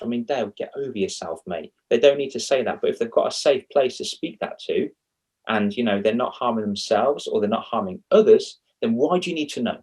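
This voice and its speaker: A man with a low, husky voice talks through a casual interview. He is a children's confidence coach, and he rambles animatedly from point to point, often poking fun at himself. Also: brisk. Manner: animated and rambling, with self-mocking asides.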